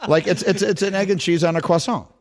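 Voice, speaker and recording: A middle-aged man hosts a sports radio show in a slightly higher voice than most men. His delivery is animated and chatty, and he jokes around with his co-hosts. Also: fast. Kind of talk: casual sports talk radio.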